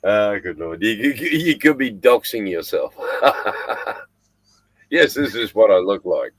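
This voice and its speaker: Older Australian man, low dry voice. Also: big pitch swings, slow, no echo, poor audio. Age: 60s. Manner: blunt, swears freely, laughs often. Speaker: podcast host. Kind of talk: casual chat.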